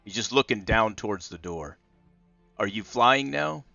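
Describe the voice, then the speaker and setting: A man's voice: fairly low pitch, lively intonation, a little slow, vocal fry, bright, forceful tone, dry recording, muffled recording, faint music behind. A man narrating as game master of a tabletop game, drawling with many fillers.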